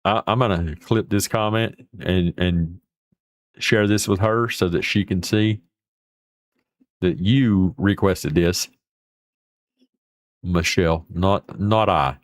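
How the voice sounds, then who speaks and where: A man's voice: low-pitched, takes it slowly, long pauses. A man hosting a livestream, rambling in a folksy way with mild swearing as he reacts to viewer comments. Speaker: livestream host. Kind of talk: casual chat reading viewer comments.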